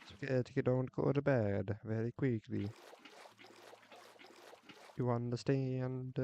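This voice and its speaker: Male game streamer, unhurried, warm-toned, goofy and rambling. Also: medium pitch, steady tone, creaky, lo-fi sound, faint music behind. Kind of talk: casual live-stream chat while playing.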